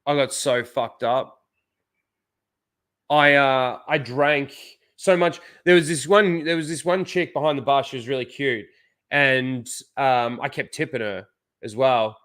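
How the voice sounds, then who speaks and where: A man's voice: medium pitch, measured pace, fairly bright tone. Aussie guy rambling thru a story, swears a lot, lots of ums. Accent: Australian. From Australia. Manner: rambling, profane storytelling with many fillers. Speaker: host. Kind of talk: casual chat.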